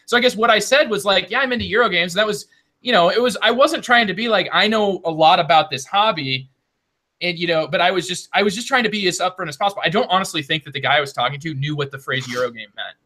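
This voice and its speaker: A young man co-hosting a casual board game podcast tells a long, rambling story packed with restarts and asides. His voice sits high and sounds pushed and bright.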